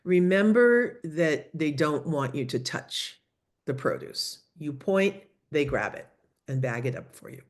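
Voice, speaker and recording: A woman teaching a lively online language lesson, coaching students through phrases over a video call. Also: low-pitched, unhurried. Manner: lively, coaching, switches between English and Spanish phrases. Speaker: Spanish teacher.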